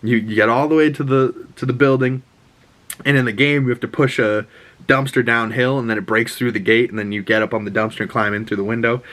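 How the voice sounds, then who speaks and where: A man excitedly recapping a TV episode in a casual, rambling way, with many fillers and restarts. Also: mid-range voice, brisk. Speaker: show recap host.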